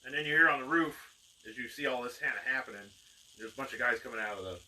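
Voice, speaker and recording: Bright-voiced man running a tabletop game. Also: mid-range voice, fast. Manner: rambling, filler-heavy narration with acted outbursts. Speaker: game master. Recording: distant mic with faint noise.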